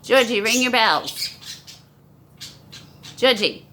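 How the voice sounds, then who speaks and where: A woman's voice: fairly high pitch, expressive, slow pace, pushed and bright, a little hiss or hum. A woman coaxing her pets in a sing-song, baby-talk voice, recorded on a phone at home. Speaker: pet owner. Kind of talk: talking to pets. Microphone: phone camera.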